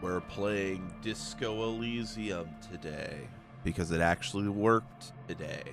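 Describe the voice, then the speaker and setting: A man's voice: deep voice, measured pace, over music. A man who is under the weather, casually commentating a game playthrough with joking, self-deprecating asides. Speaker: gaming streamer. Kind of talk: casual let's-play commentary.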